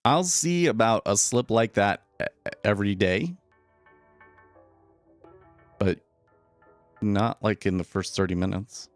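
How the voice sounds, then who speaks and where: A man's voice: on the low side, slow pace, long pauses, dry recording, soft background music. A man streaming live trading commentary, casual and opinionated, often repeating words as he starts a sentence. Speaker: day trader streaming live.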